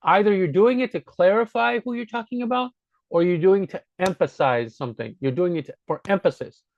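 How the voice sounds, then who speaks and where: A man with a slightly high voice walks through grammar points in a relaxed teaching style, patiently going back over each idea. The recording is dull and lo-fi, with a dry sound and no room echo. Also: a little fast, gravelly. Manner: patient, repeats points to drive them home. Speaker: language teacher. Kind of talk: casual spoken grammar lesson.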